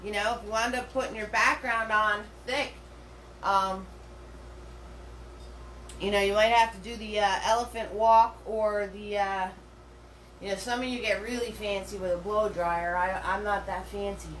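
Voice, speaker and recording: A middle-aged woman talks a class through a painting, chatty and rambling, stopping for fillers and restarts. Her voice sits at a middle pitch and carries the echo of an indoor room, picked up from away from the mic. A faint hum runs underneath. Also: steady tone, unhurried, fairly bright tone, distant mic. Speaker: painting instructor. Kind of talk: live step-by-step painting class.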